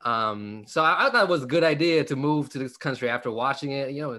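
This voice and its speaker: A man's voice: mid-range voice, fast, bright, forceful tone. Joking Vietnamese-accented young man. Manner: joking, laughs often, many fillers. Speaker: stand-up comedian guest. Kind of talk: casual interview chat.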